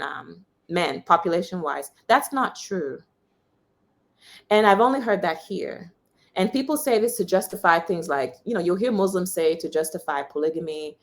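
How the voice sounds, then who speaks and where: A young woman from the United States, a journalist giving an interview, telling personal stories in a candid, animated way. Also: lowish voice. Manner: animated storyteller, quotes others with raised voice. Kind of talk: candid conversational storytelling.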